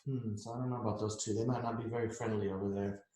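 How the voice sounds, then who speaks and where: A man's voice: fairly low pitch, fairly even intonation, fast, mellow. A middle-aged man reading a picture book aloud to children, chatty and explaining the pictures as he goes. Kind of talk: read-aloud storytime. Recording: echoey room.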